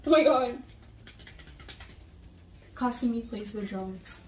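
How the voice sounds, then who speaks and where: A woman's voice: a little high, slow pace. A woman cosplayer chatting playfully and teasing her friends while they make candy. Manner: playful, teasing, bursts into laughs. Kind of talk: casual chat. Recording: echoey room, mic far off, noisy.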